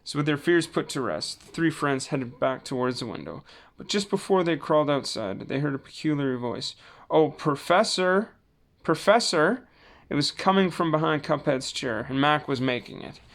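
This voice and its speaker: A man reading a children's book aloud in a relaxed way, with small slips and self-corrections. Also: medium pitch, brisk, hardly any pauses. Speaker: storybook reader.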